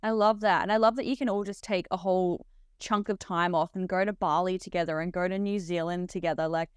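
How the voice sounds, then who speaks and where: Upbeat woman host, smooth voice. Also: fairly low pitch, fairly even intonation, fairly quick, no room sound, clean studio sound. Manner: upbeat, lots of "like" fillers. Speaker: podcast host. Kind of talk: casual interview chat.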